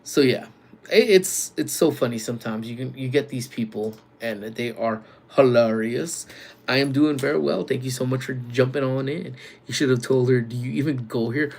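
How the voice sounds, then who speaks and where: A man working security, chatting casually with viewers on a live stream from work, using relaxed slang and calling out loud greetings to people joining. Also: medium pitch, normal speed, gravelly. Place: workplace community center.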